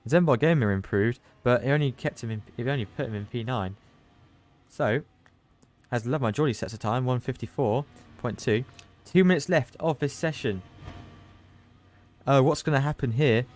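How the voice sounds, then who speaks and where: A man giving live commentary on an online racing qualifying session, chatty and loose, surging with excitement at the big moments. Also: medium pitch. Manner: loose, chatty, with restarts and asides. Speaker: race commentator; team manager. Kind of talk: live esports race commentary.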